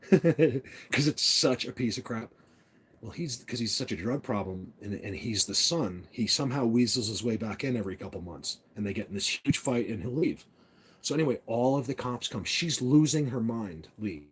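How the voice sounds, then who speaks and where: A man's voice: medium pitch, breathy edge. A man rambling through a casual story, blunt and opinionated, with many restarts. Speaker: vlogger.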